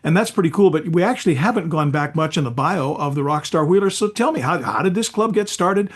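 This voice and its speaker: A man's voice: fairly high pitch, expressive, fairly quick, husky. A man hosting a hot rod podcast in casual interview chat, telling stories and nodding along with short affirmations. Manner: chatty, warm affirmations, storytelling asides. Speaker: podcast host.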